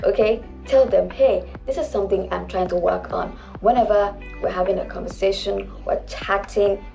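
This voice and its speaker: Nigerian woman diction coach, slow, emphatic delivery over soft background music. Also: mid-range voice, steady tone, creaky. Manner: deliberate, emphatic, demonstrative. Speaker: diction instructor. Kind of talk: instructional video lesson.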